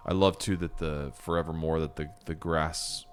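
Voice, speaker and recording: A man co-hosting a podcast, chatting casually about a book with dry asides and quick agreement. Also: extremely low pitch, steady tone, soft background music. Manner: dry, agreeable, lots of short backchannel. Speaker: podcast co-host. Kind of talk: casual book discussion chat.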